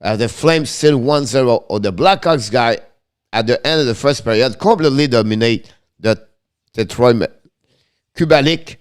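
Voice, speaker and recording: A man with a French accent doing live-stream hockey play-by-play, rattling off each pass and player in quick, broken English. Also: medium pitch, clear, resonant tone. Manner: rapid running commentary in broken English, names each pass. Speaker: play-by-play commentator and stream host.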